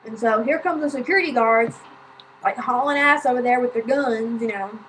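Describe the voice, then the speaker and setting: A woman's voice: fairly high pitch, moderate pace, background noise. A woman vlogger telling a story in a chatty, casual way, with lots of fillers and swearing.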